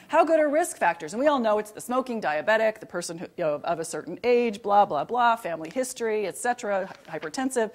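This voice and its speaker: A middle-aged woman lectures on emergency medicine in a mid-pitched voice, talking straight to the audience. She keeps it conversational and lively, tosses out rhetorical questions, and repeats her key points for emphasis. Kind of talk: recorded continuing-education lecture.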